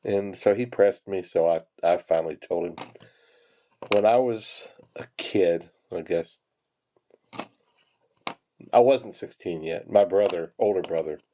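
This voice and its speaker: A man's voice: sits low, dark tone, slight background noise. A man telling rambling, chuckling anecdotes while sorting pennies. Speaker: penny hoarding hobbyist. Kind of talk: casual storytelling while sorting coins.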